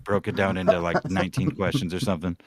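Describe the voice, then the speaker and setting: A man's voice: low-pitched, little pitch movement, fast, no echo, clean studio sound. A man hosting a comedy podcast in casual chat, crude and profane as he jokes. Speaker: podcast host.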